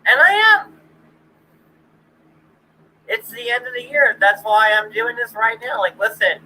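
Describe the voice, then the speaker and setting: A man on a live stream calmly deflecting a caller's complaints. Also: extremely high pitch, moderate pace, low-quality recording. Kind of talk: casual live-stream chat.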